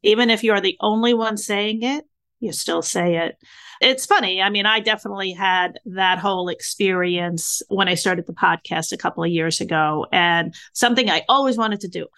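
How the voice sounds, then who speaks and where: Woman, 60s, podcast host; lively storyteller, average pitch. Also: normal speed. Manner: animated storyteller acting out her own reactions. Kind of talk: casual interview chat.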